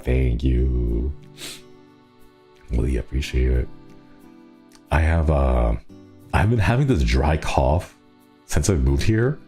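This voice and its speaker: A man's voice: rumbling low, dark tone. A man with a stuffy nose, chatting playfully and rambling on a casual stream from a small city apartment.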